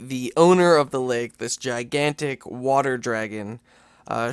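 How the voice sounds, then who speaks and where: Smooth-voiced young man chatting casually. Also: no echo. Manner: animated retelling, jumps into squeaky character voices. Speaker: podcast co-host. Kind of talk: casual chat.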